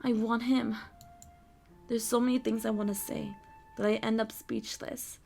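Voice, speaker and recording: A woman's voice: fairly high pitch, flat delivery, unhurried, gravelly, warm tone, faint music behind. A woman hosting a let's play, reading a visual novel aloud, often tripping over words and scolding herself.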